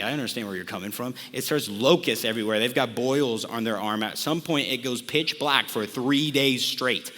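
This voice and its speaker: Young man, casual college sermon, bright forceful voice, long reverb, chatty storytelling. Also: mid-range voice. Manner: conversational, filler-heavy storytelling. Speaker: college ministry speaker. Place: outdoors in a desert.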